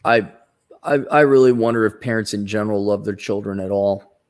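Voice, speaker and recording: A man's voice: lowish voice, brisk, darkish tone, smooth. A man hosting a casual livestream, reading out viewer donations and giving blunt, rambling opinions with frequent restarts.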